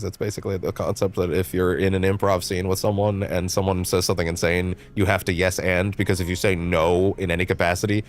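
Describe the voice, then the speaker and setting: A man livestreaming a game, ranting animatedly and swearing freely at his chat. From Canada. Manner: animated, profane ranting with shifting pitch.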